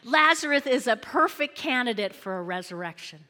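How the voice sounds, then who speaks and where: Animated woman pastor preaching in a hall. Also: on the high side, normal speed. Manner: animated, repeats phrases, acts out voices. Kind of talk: lively sermon with acted-out quotes. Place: church.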